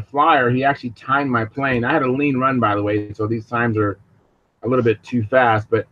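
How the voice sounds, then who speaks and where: A man's voice: mid-range voice, no room sound. Man, casual rambling chat, muffled lo-fi call audio, dry close sound. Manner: rambling, lots of fillers. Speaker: video hangout host.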